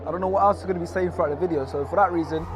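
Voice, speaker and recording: A man's voice: fairly high pitch, racing, background noise. A young man on a panel in a group game video, handing down mock-serious rulings. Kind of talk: joking group banter.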